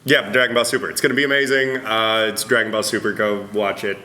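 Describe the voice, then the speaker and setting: Man, voice actor guest, press interview, lively and self-mocking, bright tone, lowish pitch. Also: fast talker. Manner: animated, laughing, self-deprecating. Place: convention press room.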